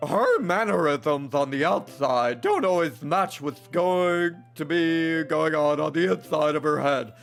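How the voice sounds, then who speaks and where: A man reading visual novel dialogue aloud, voicing a shy, thoughtful anime schoolgirl with a slow, earnest, poetic delivery. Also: fairly high pitch, expressive, gravelly, faint music behind.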